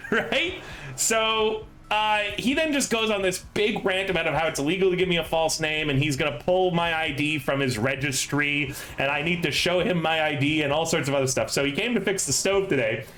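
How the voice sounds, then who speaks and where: A man's voice: on the high side, normal speed, fairly bright tone, poor audio. A man hosting a tabletop game stream, telling a long story in a loose, rambling way with many fillers, swears and laughs. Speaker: game master and stream host. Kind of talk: casual chat before a tabletop game.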